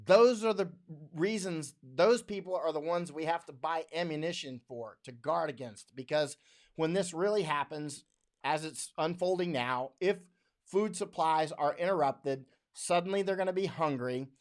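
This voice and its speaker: A man from the United States with a slightly high voice talks at a moderate pace while hosting a casual livestream. Reading viewer comments aloud on a studio microphone, he's blunt and rambling, laughs often, and uses mocking voices when quoting others.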